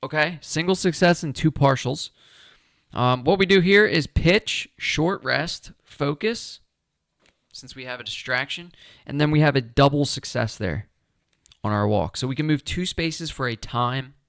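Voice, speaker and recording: A man streaming a solo board game playthrough, thinking aloud, counting his moves and asking viewers what they think in a relaxed, casual way that includes the odd swear. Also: fairly high pitch, unhurried, gravelly, dry recording, studio quality.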